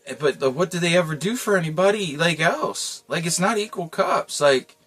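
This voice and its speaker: A man's voice: a little high, expressive, moderate pace, fairly bright tone, husky, faint music behind. A man giving a casual tarot reading, talking in a loose, rambling way with lots of slang and frequent chuckles. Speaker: tarot reader.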